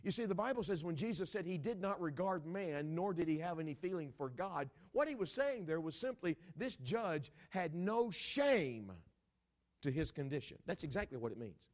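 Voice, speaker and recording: A preacher addressing his congregation in an animated, dramatic sermon. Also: on the high side, normal speed. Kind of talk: sermon storytelling.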